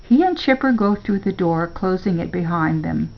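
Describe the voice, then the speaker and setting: An older woman reading a children's story aloud in a slow, measured way. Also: fairly low pitch, expressive, lo-fi sound.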